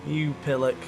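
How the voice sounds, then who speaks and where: Background noise accompanies a man's mid-range voice as he livestreams a game. He plays mock race-caller for his own run, excitable throughout and prone to frustrated outbursts.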